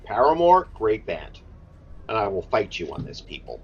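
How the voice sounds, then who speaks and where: Husky, lively, opinionated man. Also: on the low side, normal speed. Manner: opinionated, swears freely, emphatic. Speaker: podcast co-host. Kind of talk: casual chat. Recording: dull lo-fi sound.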